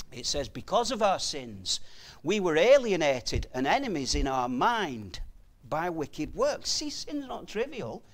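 A male preacher with a notably high voice delivers an earnest, emphatic sermon. His pitch rises and falls a great deal as he presses each point home. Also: a little hiss or hum.

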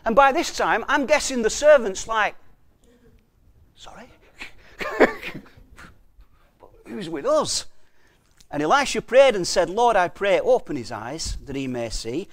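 A man preaching a sermon, reading scripture slowly and asking his listeners rhetorical questions, with frequent restarts. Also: high-pitched, sing-song. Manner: reads scripture slowly and deliberately.

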